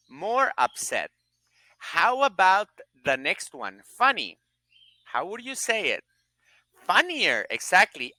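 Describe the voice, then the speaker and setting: Lively, slow-paced grammar teacher. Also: mid-range voice, no room sound. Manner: drills word pairs, asks questions and answers them. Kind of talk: recorded grammar lesson.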